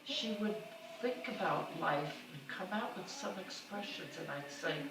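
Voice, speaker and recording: Brief: older woman, warm anecdotal family storyteller, recorded from a distance in a roomy space. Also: lowish voice, lively intonation, unhurried. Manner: fond, anecdotal, with small laughs. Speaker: narrator of her mother's life. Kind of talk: oral history storytelling. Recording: roomy, distant mic, faint noise.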